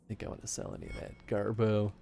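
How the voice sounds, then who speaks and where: A man's voice: on the low side, completely flat delivery, fast, creaky, mellow, a little hiss or hum. A man with a light Chicago accent streaming a game, rambling and chatting casually with lots of laughter. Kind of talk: casual live-stream chat.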